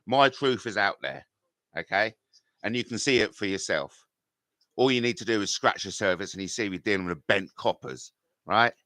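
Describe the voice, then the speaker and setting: A man's voice: on the low side, expressive, normal speed, sharp tone, no echo, studio quality. A middle-aged man, live-streaming and reading out chat comments in a combative, rambling way full of swearing.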